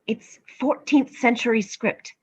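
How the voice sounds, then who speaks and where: A woman's voice: on the high side, measured pace, a little mellow, husky, no echo, dull audio. A woman reading the part of a learned, earnest female treasure hunter in a staged play reading.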